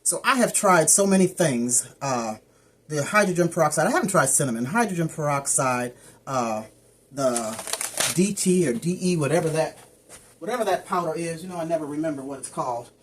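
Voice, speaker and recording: A woman's voice: sits low, animated, normal speed, slight background noise. A woman chatting casually as she shows her house plants, wandering off topic and stumbling over plant names. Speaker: plant care vlogger. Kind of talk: casual how-to chat.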